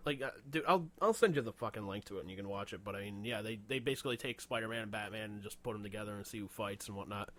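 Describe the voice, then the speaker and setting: A man's voice: lowish voice, fast talker, few pauses, fairly bright tone, slight background noise. A man co-hosting a casual podcast chat, rambling, swearing a lot and laughing often. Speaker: podcast co-host.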